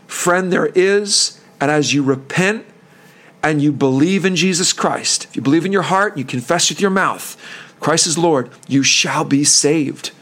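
A man's voice: on the high side, unhurried, fairly bright tone. A man hosting a preaching podcast, fervent and earnest, who voices pleading prayers.

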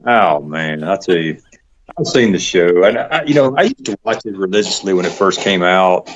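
This low, expressive voice belongs to a middle-aged Georgia man with a Southern accent, speaking at normal speed as a guest in a casual interview. He rambles with fillers and chuckles often, and the dull lo-fi recording carries a little hiss or hum.

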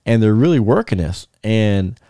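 A man's voice: fairly low pitch, normal speed, no room sound, clean studio sound. A man, a former wrestler telling stories on a casual podcast, laughing often and restarting his sentences. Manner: animated, laughing storyteller with many restarts. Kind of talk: casual storytelling chat.

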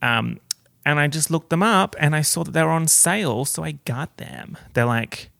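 A man's voice: fairly high pitch, expressive, normal speed, gravelly, fairly bright tone, no room sound. A man hosting a casual solo podcast, chatty and campy, full of slang and swearing, recorded on a portable recorder. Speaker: podcast host.

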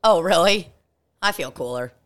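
A woman's voice: on the low side, lively intonation, normal speed, fairly bright tone. A woman co-hosting a comedy podcast, chatting casually, laughing often and turning mock-soothing when she leads a breathing break. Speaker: podcast co-host. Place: hot indoor studio room.

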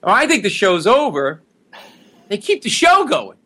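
A middle-aged man spins a story with lively energy and a slightly higher-than-usual voice. He slips into the voices of the people in his tale and keeps the pace rolling in a relaxed interview. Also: moderate pace, breathy edge. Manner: animated storyteller who acts out the people in his stories. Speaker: guest.

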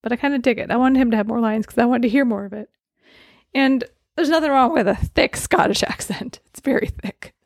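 A woman's voice: on the high side, brisk, dry recording, clean studio sound. A woman co-hosting a podcast in casual chat about films, rambling and correcting herself as she goes. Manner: chatty, rambling, self-correcting. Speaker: podcast co-host.

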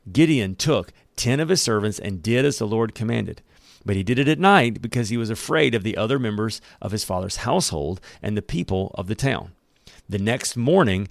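Gravelly-voiced pastor preaching. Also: male voice, on the low side, no echo, clean studio sound. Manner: conversational, reads aloud and comments. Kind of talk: sermon with scripture reading.

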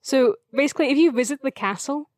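Teasing young woman, slightly high voice. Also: fast talker, darkish tone, no room sound, clean studio sound. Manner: teasing, playful. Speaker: podcast co-host. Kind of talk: casual chat.

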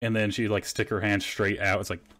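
A man's voice: on the low side, flat delivery, brisk, a bit bright. A man hosting a podcast, telling stories in casual, profanity-laced chat. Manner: swears freely, storytelling. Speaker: podcast host.

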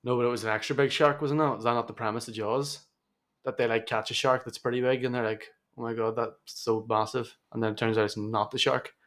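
A man's voice: mid-range voice, fairly even intonation, fast, fairly bright tone. A young man chats as a podcast co-host. He tells anecdotes with dry humour and laughs often along the way. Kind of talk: casual chat.

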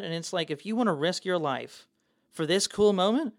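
Animated swearing young man chatting. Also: high-pitched, normal speed, no echo, studio quality. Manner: animated, swearing, excitable storytelling. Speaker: podcast co-host and dungeon master. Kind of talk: casual chat.

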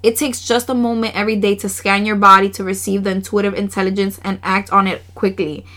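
A woman's voice: mid-range voice, flat delivery, brisk, sharp tone. A woman hosting a casual solo podcast, reading oracle cards aloud in an earnest, emotional way with frequent laughs and slangy asides. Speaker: podcast host.

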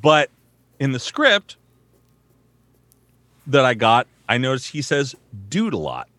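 Brief: casual man voice actor, mid-pitched, rambling with lots of fillers and swearing, dry close sound. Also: huge pitch swings, slow, bright, forceful tone, no room sound. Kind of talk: casual chat.

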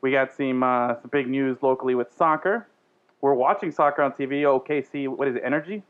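A man hosting a casual sports chat show, talking in loose, halting bursts with many fillers. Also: medium pitch, clear, resonant tone. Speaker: podcast host. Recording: tinny phone-like sound.

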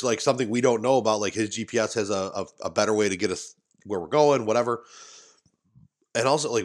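Low-voiced rambling storyteller man. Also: a bit bright. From Western New York. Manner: rambling, many restarts and asides. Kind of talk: casual storytelling. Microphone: studio mic, adjusted mid-talk.

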